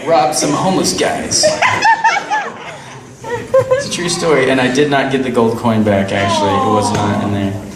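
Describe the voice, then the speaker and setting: A man telling a story on a stream in a lively way, laughing and acting out what people said. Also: medium pitch, normal speed, pauses often. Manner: animated, laughing, acting out quotes. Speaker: guest. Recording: roomy, distant mic, faint noise.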